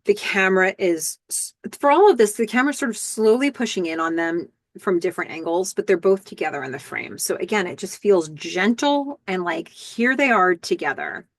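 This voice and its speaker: A woman hosting a podcast, casually recapping a TV episode scene by scene with lots of fillers and excited asides. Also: mid-range voice, moderate pace, few pauses, no echo. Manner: chatty, lots of fillers and "I don't know", excited outbursts.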